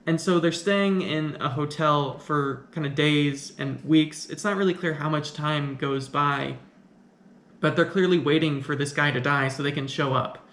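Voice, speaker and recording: A man's voice: on the high side, unhurried, a bit bright. A man giving a casual film review, thinking aloud and questioning the plot as he goes. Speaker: film commentator. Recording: echoey room.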